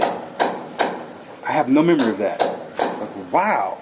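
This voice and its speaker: A man's voice: mid-range voice, sing-song, slow, pauses often, heavy background noise. Rambling man telling his own story. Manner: earnest, rambling storytelling with many fillers. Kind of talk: personal testimony.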